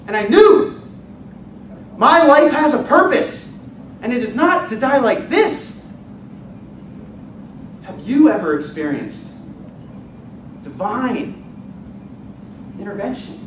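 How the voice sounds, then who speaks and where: A man giving a dramatic storytelling speech at a contest, telling it with vivid, expressive delivery. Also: very high voice, unhurried, pauses often. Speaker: contest speaker. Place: contest hall stage. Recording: echoey hall, distant mic, noisy.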